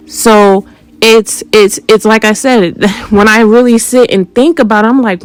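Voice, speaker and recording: Slow, confrontational woman preaching. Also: on the high side, fairly even intonation, clean tone, poor audio. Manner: confrontational, rhetorical questions, emphatic. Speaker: spiritual channel host. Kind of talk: unscripted spiritual monologue.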